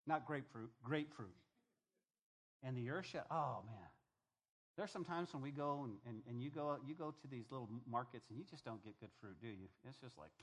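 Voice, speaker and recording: An older man preaching a sermon, reading scripture aloud and breaking off into conversational asides and stories for his congregation. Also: mid-range voice. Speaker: pastor.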